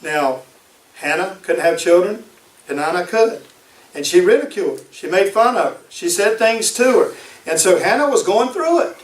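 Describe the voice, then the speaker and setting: Emphatic preacher with a high voice. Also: male voice, lively intonation, normal speed, far from the mic. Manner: emphatic, repeats key phrases. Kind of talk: sermon. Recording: echoey room, voice from off-mic.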